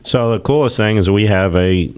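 A man appearing as a dentist guest on a talk show, relaxed and brief in his replies. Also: lowish voice, moderate pace, slight background noise. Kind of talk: casual on-air chat.

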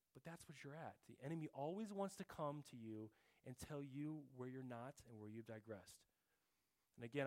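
A middle-aged man preaching a sermon in a conversational way, calling the listeners guys and restarting his sentences often. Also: medium pitch. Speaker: pastor.

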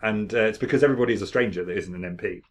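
A man's voice: fairly low pitch, rapid-fire. A man co-hosting a podcast, telling stories in casual chat with lots of jokes and laughter. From Britain. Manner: jokey, laughs often, storytelling. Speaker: podcast co-host.

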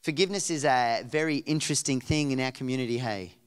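Pastor guy preaching, goes quiet then punchy, clear resonant voice. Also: quick pace. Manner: expressive preaching, swings from soft and low to raised and emphatic. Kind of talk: sermon.

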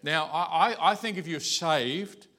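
A man's voice: a little high, a little slow. A man preaching a morning sermon in a conversational way, often restarting his sentences. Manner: conversational preaching with many restarts, softening to a quiet storytelling voice. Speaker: pastor.

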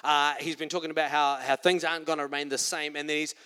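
A middle-aged man with a New Zealand accent delivers a sermon in a church hall. His voice sits high and bright. He talks conversationally, then breaks into loud, emphatic quotations. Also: level tone, quick pace, clear, resonant tone. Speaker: preacher.

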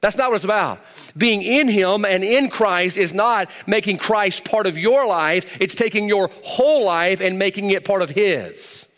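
A middle-aged pastor preaches with folksy, emphatic conviction, sliding from quiet asides to fervent calls. His voice sits a little high for a man. A long reverb from the large sanctuary trails every phrase. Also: creaky. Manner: folksy and emphatic, swings from low asides to raised exhortation. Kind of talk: sermon. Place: church sanctuary.

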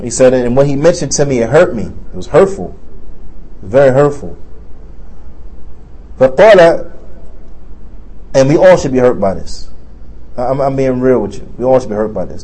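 Male mosque teacher, mid-pitched voice, earnest and emphatic, moves between Arabic readings and English explanation. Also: warm tone, rough recording. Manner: reads Arabic passages, then explains them in English with fillers and restarts. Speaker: Islamic studies teacher. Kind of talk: religious class, reading Arabic text and translating. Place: mosque classroom.

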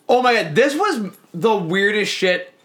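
Woman co-host, bright forward voice, deadpan quips. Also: medium pitch, a little slow. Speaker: podcast co-host. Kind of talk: casual chat.

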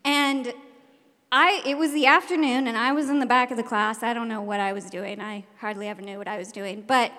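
Animated woman storyteller in a reverberant hall. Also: a little high, brisk. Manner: animated, laughing, acts out shouted quotes. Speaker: teacher. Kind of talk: live personal storytelling.

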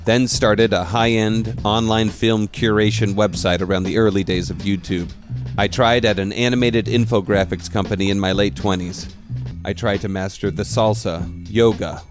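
A man hosting a podcast, reading a scripted narration in a measured, reflective way. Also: on the low side. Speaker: podcast host.

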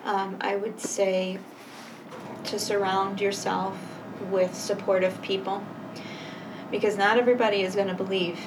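A woman guest telling her personal story in a conversation, earnest and halting, pausing to reflect. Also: mid-range voice, flat delivery. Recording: voice a bit far from mic, faint noise.

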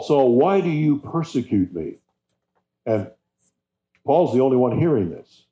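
Mellow-voiced man preaching in an echoey room. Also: medium pitch. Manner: measured, halting delivery with restarts. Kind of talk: Bible teaching sermon. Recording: roomy echo, slightly dull sound.

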